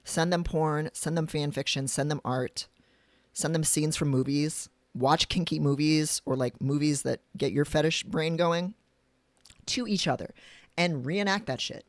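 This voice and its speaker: A man's voice: on the high side, measured pace, dry recording. A man reading from his own book on a livestream, speaking frankly and going off on chatty personal tangents. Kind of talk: reading aloud with casual asides on a livestream. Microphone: desk mic for a live stream.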